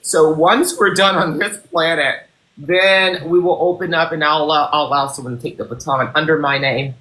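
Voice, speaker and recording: A man hosting a livestream, playing a boss and CEO who interviews callers in a mock-formal, unhurried way. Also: fairly high pitch, sharp tone. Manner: mock-formal, unhurried, slips into thanking viewers. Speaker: livestream host. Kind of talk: role-play job interview as a boss and CEO. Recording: roomy echo, faint clicks.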